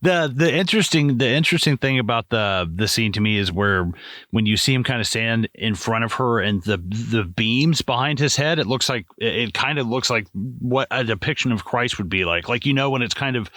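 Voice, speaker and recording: A man co-hosting a casual film podcast, relaxed and joking, with hesitant restarts. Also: medium pitch, moderate pace, dry recording, studio quality.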